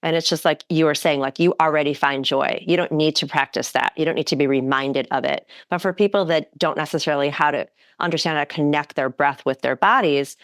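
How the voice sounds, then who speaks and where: Low-voiced woman podcast host, giggly. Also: a little fast, few pauses, dry recording, clean studio sound. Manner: giggly, animated storyteller. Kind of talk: casual interview chat.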